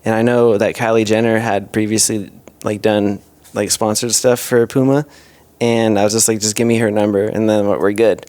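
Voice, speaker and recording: A man's voice: lowish voice, flat delivery, normal speed, darkish tone, no room sound. A young man as a podcast guest, telling stories in a laid-back, slangy way. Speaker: podcast guest, content creator. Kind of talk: casual podcast chat.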